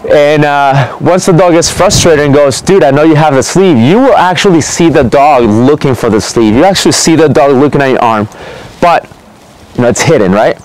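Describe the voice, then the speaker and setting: A man, a dog trainer, explaining a technique in relaxed, conversational talk, often checking in with "okay?". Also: a little high, moderate pace, rough recording. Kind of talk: casual instructional talk.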